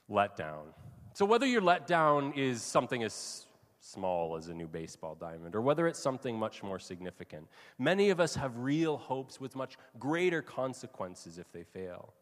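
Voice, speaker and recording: A man preaching a sermon, reading a story aloud and telling it with lively, casual asides. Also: mid-range voice, normal speed. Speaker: pastor. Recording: long reverb of a large hall.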